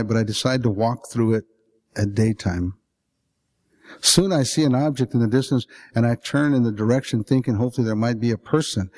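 A man reading first-person fiction aloud at a literary event, intense, climbing toward near-shouts at the peaks and slowing to a hush in the grim passages. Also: medium pitch.

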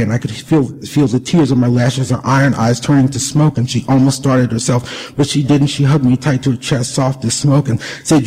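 A man reading his prose aloud, then introducing the next author in a measured, earnest way. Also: medium pitch, fairly even intonation, warm tone, slightly rough, big-room sound, low-quality recording. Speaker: reader and event host.

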